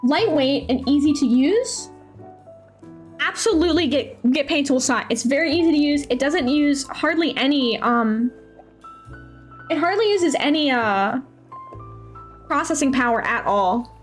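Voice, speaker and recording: An enthusiastic woman streamer talking casually as she shows off art tools. Her voice is high, and she tosses in "dude" often. Soft music plays in the background. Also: animated, unhurried, pauses often. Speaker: streamer, host. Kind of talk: casual chat while demoing art software.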